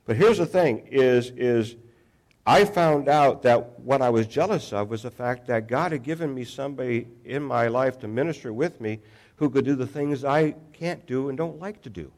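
A man's voice: medium pitch, moderate pace, a little mellow. A pastor preaching a sermon in a conversational, self-deprecating way, often restarting his sentences.

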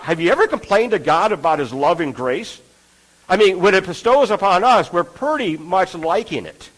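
A male preacher with a notably high voice delivers a sermon in an earnest, conversational manner. He keeps turning to his listeners with rhetorical questions. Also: expressive, normal speed, a bit bright, poor audio.

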